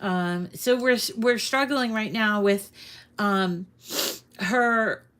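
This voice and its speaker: A woman's voice: mid-range voice, drawn-out words, a bit bright. A woman hosting a casual crafting tutorial at home, chatty and meandering with frequent ums and restarts, a little out of breath. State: slightly out of breath. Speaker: crafting channel host. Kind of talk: casual screen-share tutorial.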